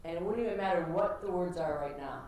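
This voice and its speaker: A woman instructor giving direct, encouraging feedback to students practicing pitches in a classroom. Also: fast talker, darkish tone. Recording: echoey classroom with background noise.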